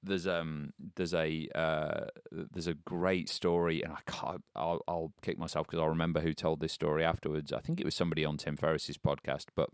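A man's voice: rumbling low, level tone, moderate pace, hardly any pauses, smooth, dry recording, clean studio sound. A man co-hosting a casual podcast, reflecting aloud and explaining ideas, often restarting his sentences. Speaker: podcast co-host.

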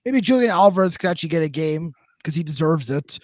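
A man's voice: fairly high pitch, animated, fast talker, a little mellow, no echo. A man co-hosting a casual football podcast, joking and teasing the others as he gives his picks. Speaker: podcast co-host. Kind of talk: casual sports betting chat.

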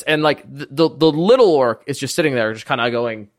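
A man's voice: medium pitch, a little fast. A man running a tabletop game as game master, narrating casually with lots of fillers.

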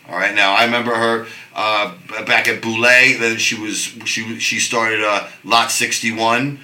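A middle-aged man telling stories in casual chat, animated, swearing and restarting his sentences. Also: lowish voice, a little slow, few pauses, reverberant, low-quality recording. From New York. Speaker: guest.

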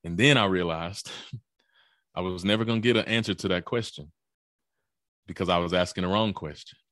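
Young man, low voice, dry close-mic sound; animated, punchy storyteller for a personal testimony. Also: normal speed, dry recording. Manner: animated, punchy storyteller, rising high for tense moments. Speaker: guest speaker.

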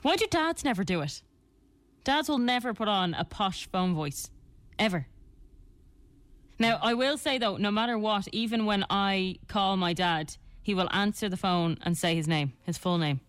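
A woman co-hosts a radio show with a middle-pitched voice, playful and quick to poke fun at herself. The sound is dry and close to the mic. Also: no room sound. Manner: self-mocking and playful. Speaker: radio co-host. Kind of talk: casual radio chat. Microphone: studio mic.

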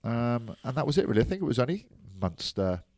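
A man co-hosting a sports podcast, chatting casually with jokey banter and relaxed rugby analysis. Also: mid-range voice, fairly quick, dry recording, studio quality. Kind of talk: casual chat.

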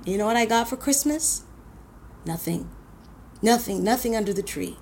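A woman from Queens, telling a personal story in a blunt, animated way and swearing freely. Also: on the high side, normal speed, a little hiss or hum. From Queens, New York.

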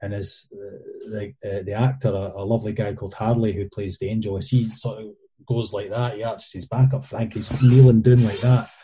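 Scottish male filmmaker, low, husky and very mellow, rambling and self-deprecating. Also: level tone, normal speed. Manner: rambling, self-deprecating storyteller with many fillers. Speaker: independent filmmaker and editor. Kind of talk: casual podcast chat.

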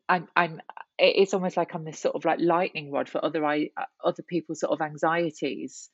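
A woman's voice: sits low, fairly even intonation, a little fast, slightly rough, no echo, muffled recording. A woman guest talking candidly in an interview, reflective and full of restarts and "you know"s. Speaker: guest, writer and columnist.

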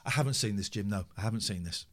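A man streaming live, reacting to a clip of himself with mocking commentary and hushed asides. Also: fairly low pitch, quick pace. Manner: animated and mocking, drops to a hushed inner voice.

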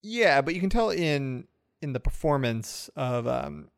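A man chatting casually about a movie as a podcast co-host, relaxed and hesitant, with many ums. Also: mid-range voice, unhurried, gravelly, clean tone, no echo, studio quality. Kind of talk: casual chat about a film.

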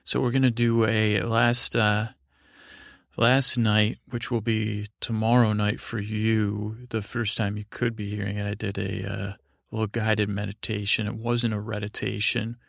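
Male podcast host, halting casual chat, monotone with some fry, dry room. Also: lowish voice, no echo. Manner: halting and self-correcting, thanking listeners.

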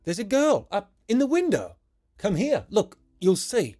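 A man voicing a joyful, boisterous little boy in a spoken story, high and exclamatory. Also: a little slow, no room sound, faint music behind, exaggerated voice. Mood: excited. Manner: excited, eager, exclamatory.

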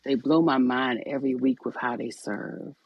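A woman's voice: extremely low pitch, moderate pace, gravelly, slightly rough, lo-fi sound. A woman, the guest, speaking earnestly about her outreach group in a folksy, storytelling way. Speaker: guest, executive director of a homeless outreach group. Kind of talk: conversational interview.

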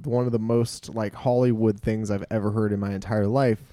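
A man's voice: on the low side, flat delivery, moderate pace, warm tone, dry recording. A man chatting casually about a movie as a podcast co-host, wry and exaggerated in his retelling.

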